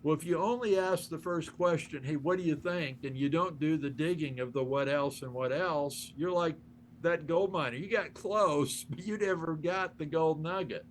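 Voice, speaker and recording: Lively older man telling stories. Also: fairly high pitch, normal speed, slight background noise. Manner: enthusiastic, acts out quoted dialogue, laughs often. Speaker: interview guest. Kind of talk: animated storytelling in conversation.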